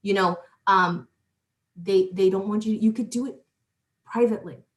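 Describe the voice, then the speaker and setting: Hosting a spiritual talk show, a middle-aged woman speaks at a moderate pace with a medium pitch. Her style is casual and lively, full of restarts and side remarks to the listeners.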